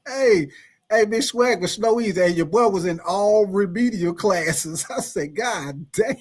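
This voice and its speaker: Animated, laughing man telling a story. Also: high-pitched, moderate pace. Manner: animated, laughing, profane, calls out chat names. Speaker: livestream host. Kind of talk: casual storytelling to live chat.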